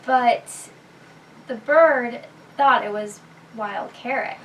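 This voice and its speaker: A woman taking her turn in an improvised group story, playful and halting with frequent ums. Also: a little high, heavy background noise. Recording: roomy, mic far off.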